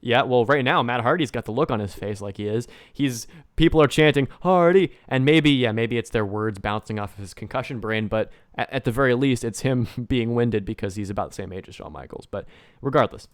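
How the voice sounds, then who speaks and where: A man co-hosting a chat podcast, animated and joking, often slipping into mocking impressions. His voice sits at a medium pitch. The mic is close and dry, with no room sound. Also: fairly quick, no echo. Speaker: podcast co-host. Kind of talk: casual chat.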